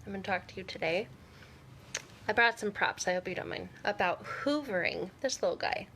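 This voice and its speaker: A woman vlogger talks straight to camera in a casual, candid way. She is blunt and sarcastic and laughs often. Her voice sits at a middle pitch. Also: lively intonation, brisk, a bit bright, slight background noise.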